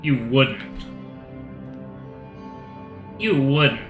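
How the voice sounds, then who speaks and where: A man's voice: mid-range voice, animated, very slow, a bit bright, roomy sound, soft background music. A man voicing a hot-headed male hyena who speaks in an irritated, harsh way. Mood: angry.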